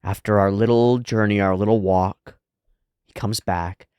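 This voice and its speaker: A man's voice: lowish voice, fairly even intonation, unhurried, a little mellow, smooth, dry recording, studio quality. A man reacting to an anime episode, thinking aloud in a casual, reflective way and often saying "like". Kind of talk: casual analytical commentary.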